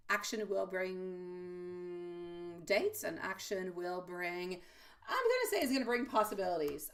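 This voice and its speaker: A woman's voice: mid-range voice, distant mic. Chatty woman reading tarot, a bit off-mic. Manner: affectionate, chatty, calls viewers sweetie. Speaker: tarot reader. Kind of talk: live-stream tarot reading. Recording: voice a little off-mic.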